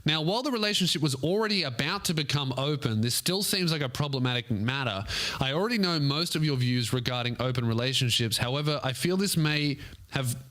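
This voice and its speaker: A man's voice: mid-range voice, animated, a little fast, a bit bright. A young man hosting a comedic podcast, reading a listener's email aloud and breaking off for joking asides. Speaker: podcast host.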